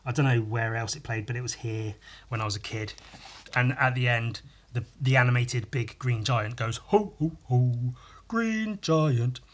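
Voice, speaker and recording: A solo podcast host draws while speaking at a moderate pace, his medium, slightly bright voice showing little pitch movement. He meanders with frequent restarts and asides, his humor profane and aimed at himself.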